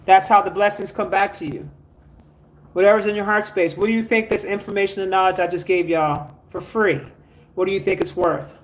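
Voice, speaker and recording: A man's voice: high voice, steady tone, brisk. Preachy livestream man rallying his viewers. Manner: preachy, urging viewers to like and donate. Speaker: spiritual teacher. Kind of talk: livestream spiritual talk reading viewer comments.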